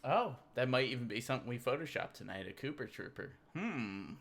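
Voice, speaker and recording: A man hosting a loose, rambling livestream, cracking jokes as he goes through memes with a beer in hand. His voice is bright and sharp, with a chatty and offhand delivery. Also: medium pitch, lively intonation, fast talker, vocal fry. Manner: rambling, joking, drinking beer. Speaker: livestream host. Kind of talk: casual livestream meme commentary.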